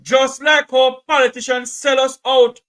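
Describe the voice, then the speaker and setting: High, bright Jamaican man ranting on air. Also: flat delivery, measured pace. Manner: impassioned, repetitive, keeps cutting in with "hold on". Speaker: radio talk show host. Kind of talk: call-in radio talk.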